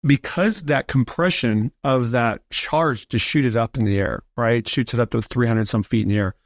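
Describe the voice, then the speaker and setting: A man of ordinary pitch talks through a long personal story on a podcast, lively and loose, and acts out the people he quotes. His voice is close and dry, with no room sound around it. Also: normal speed, dry recording. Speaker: podcast guest. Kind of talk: casual storytelling.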